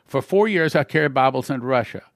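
A man's voice: mid-range voice, expressive, fast, dry recording, clean studio sound. A man, a pastor, earnestly retelling a first-person testimony as a story for his listeners.

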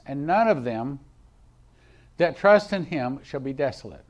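A male pastor preaching a sermon, reading scripture aloud and moving between emphatic declarations and quiet asides. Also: medium pitch, very animated, moderate pace. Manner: reads King James verses aloud.

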